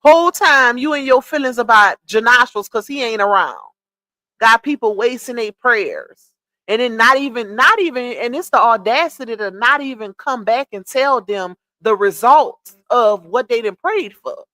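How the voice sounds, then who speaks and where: High-voiced blunt woman scolding on a livestream. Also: lively intonation, normal speed, sharp tone, dry recording. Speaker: livestream commentator. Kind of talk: casual gossip commentary.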